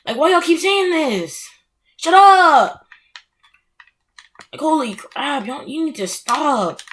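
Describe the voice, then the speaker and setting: A woman's voice: sits high, sing-song, moderate pace, fairly bright tone. A young woman ranting casually and with exasperation, full of filler words and mocking quotes. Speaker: anime ranter. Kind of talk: casual rant.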